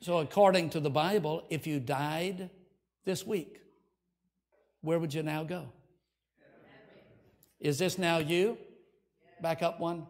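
A man's voice: fairly high pitch, fairly even intonation, takes it slowly, pauses often. Older male pastor giving an altar call. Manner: earnest, leads prayer, coaxing invitation. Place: church sanctuary.

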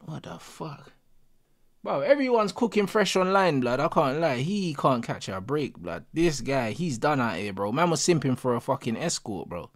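A young man, reacting live to a football match as a streamer, excitable and full of slang. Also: mid-range voice, moderate pace. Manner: excitable, slangy, repeating exclamations. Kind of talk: live watch-along reaction.

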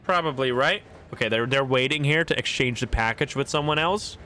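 A man's voice: medium pitch, measured pace, pauses often, pushed and bright, a little hiss or hum. A man streaming himself playing a video game, narrating his moves with swearing, laughs and sudden outbursts. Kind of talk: casual gameplay commentary.

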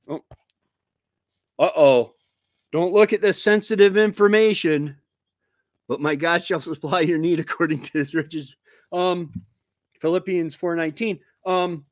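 This homestead show host, a man in his fifties, rambles through casual livestream chat, full of fillers and false starts. His pitch sits high. The sound comes through a computer mic yet stays dry and studio-clean.

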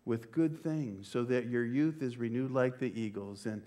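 An older man and pastor, preaching a sermon with slow, emphatic phrasing that sometimes drops to a near-whisper. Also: mid-range voice, dark tone. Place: church.

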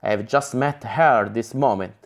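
A man's voice: medium pitch, moderate pace, lightly acted. A man reading the lines of a blunt young male barbarian hero in a gamebook, plainly read aloud.

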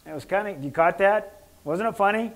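Male doctor lecturing, jokey, rambling, throat-clearing, slightly high voice. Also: fairly quick. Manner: joking, rambling, clears his throat often. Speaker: doctor giving a health lecture. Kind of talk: casual lecture with anecdotes.

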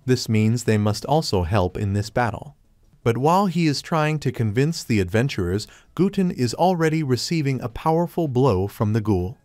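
A man narrates a story recap from a script. His pitch sits in the middle, and he keeps a steady, even pace through the action. The sound is dry and close. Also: normal speed, no room sound.

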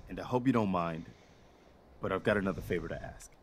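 An earnest game militia leader. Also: male voice, sits low, fairly quick. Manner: earnest, steady, sincere. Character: earnest male militia leader, hopeful and dutiful. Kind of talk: game character dialogue.

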